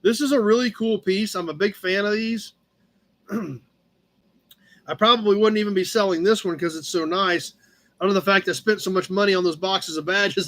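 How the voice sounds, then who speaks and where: A man with a fairly high voice hosts a casual live-stream auction. He chats easily about each piece and calls out the bids as the timer runs, with a cat heard now and then in the background. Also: a bit bright. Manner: chatty, talks to his cat between bids. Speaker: host auctioning car badges.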